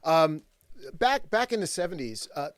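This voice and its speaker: A man's voice: fairly high pitch, sing-song, moderate pace, a bit bright, clean tone, no echo, clean studio sound. A man hosting an interview, affirming often and asking long, rambling questions full of fillers. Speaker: host.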